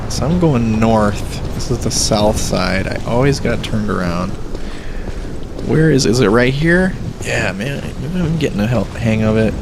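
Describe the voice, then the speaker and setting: A man's voice: mid-range voice, creaky, noisy background. A man casually rambling to himself as he plays a video game and records his commentary. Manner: rambling, self-talk while playing. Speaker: let's play host.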